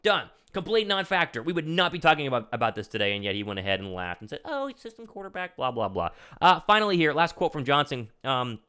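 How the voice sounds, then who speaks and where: A young man hosting his own sports show, talking excitedly and quickly about football news. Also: fairly high pitch, clean tone. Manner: excited, fast-talking, animated. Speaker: show host. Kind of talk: energetic sports commentary.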